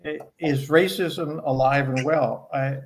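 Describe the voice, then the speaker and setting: Male professor guest, slightly higher voice, measured, academic, explanatory. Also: fairly even intonation, over a noisy crowd. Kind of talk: conversational interview.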